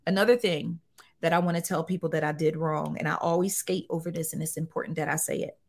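Expressive woman telling her story candidly. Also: sits low, fast, vocal fry. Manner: expressive, animated, with colloquial phrasing. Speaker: guest.

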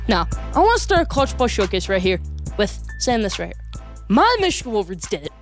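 Fast-talking woman ranting about college football. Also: medium pitch, sing-song, soft background music. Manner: emphatic, repeats points for effect. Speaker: sports vlogger. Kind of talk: opinionated college football commentary.

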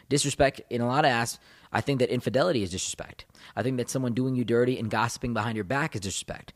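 A man giving motivational relationship advice straight to his viewers, emphatic and repeating his key points. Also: mid-range voice. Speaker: relationship coach. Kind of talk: motivational advice talk to camera.

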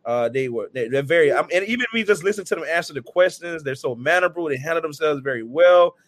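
Male podcast host, fairly high voice, earnest and slangy, dry close mic. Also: expressive, fast, dry recording. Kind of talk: casual interview chat.

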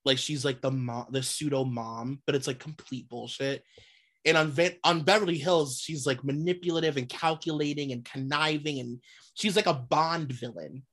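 A young adult woman with a bass voice and a fairly bright tone co-hosts a casual gossip podcast at normal speed. Blunt and emphatic, she swears freely while venting about reality TV.

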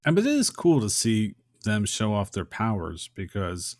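Low-voiced man recapping a film. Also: normal speed, no echo, clean studio sound. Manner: animated recapping, acts out short quotes. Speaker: podcast co-host. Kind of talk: casual film discussion.

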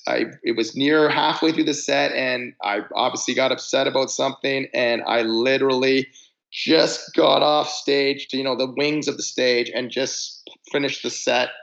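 A man's voice: mid-range voice, fairly even intonation, normal speed, vocal fry, fairly bright tone, dull audio. A man guest on a podcast, telling casual stories about touring in a band, often restarting his sentences. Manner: rambling, self-interrupting storyteller. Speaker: musician guest. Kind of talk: casual storytelling interview.

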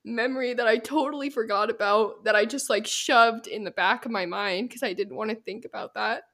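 A young woman chatting on her podcast while holding back tears. She rambles with many fillers and keeps apologizing. Her voice has a gravelly fry to it. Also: on the high side, brisk, fairly bright tone. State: tearful. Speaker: podcast host. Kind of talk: casual chat.

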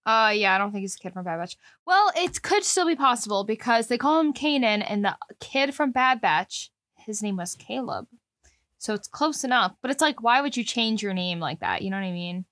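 A woman's voice: on the high side, expressive, moderate pace, fairly bright tone, no room sound. A woman co-hosting a casual podcast chat, candid in tone and swearing casually. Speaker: podcast co-host.

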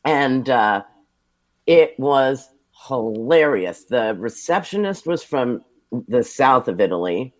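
An American man, a television producer, sits for a relaxed interview and talks at an ordinary mid-range pitch. He tells his career stories with lively, self-deprecating humor, building each anecdote with an easy conversational flow. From United States. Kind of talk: casual storytelling interview.

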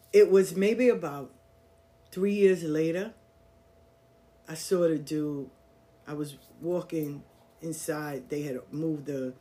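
Older woman telling a lively story. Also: low voice. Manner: animated, acts out voices in street slang. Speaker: podcast host. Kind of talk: casual storytelling.

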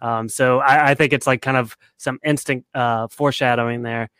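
A man's voice: mid-range voice, steady tone, moderate pace, a bit bright, clear, resonant tone, no room sound. A man co-hosting a podcast in casual chat, laying out his theories step by step. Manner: analytical, lays out theories step by step. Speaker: podcast co-host.

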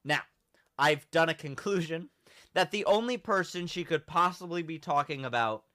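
A young man hosting a podcast, telling a story in a casual, animated way and acting out the quotes. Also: fairly high pitch, normal speed, no room sound, studio quality. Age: young adult. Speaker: podcast host.

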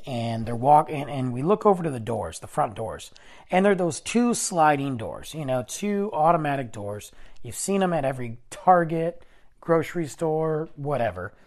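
Animated man spinning a rambling story. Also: a little high, normal speed. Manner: animated, rambling, self-correcting, acts out quoted dialogue. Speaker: vlogger telling a story. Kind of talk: casual storytelling.

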